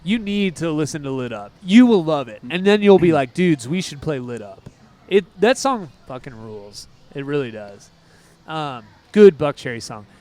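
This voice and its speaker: A man co-hosting a casual music podcast, talking in an excitable, rambling way with quick asides. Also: on the high side. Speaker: podcast co-host. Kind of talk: casual chat.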